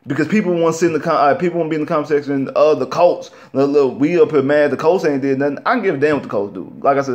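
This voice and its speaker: Young male sports vlogger, heated casual rant, repetitive and slangy. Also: medium pitch. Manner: animated, repetitive, frustrated, slangy.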